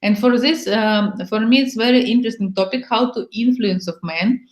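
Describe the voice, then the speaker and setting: A woman talks in a frank, playful way in broken English, acting out little scenes as she explains. Her voice sits a little high. The room around her is echoey. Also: moderate pace. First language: Bulgarian. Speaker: workshop host. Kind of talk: casual chat.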